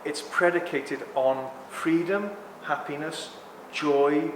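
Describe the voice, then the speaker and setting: A slow-paced, slightly high voice comes from a sixty-something English speaker addressing a live audience at a talk. He's rambling and animated, ranting and then apologizing, and the sound carries long hall reverb with faint noise behind it.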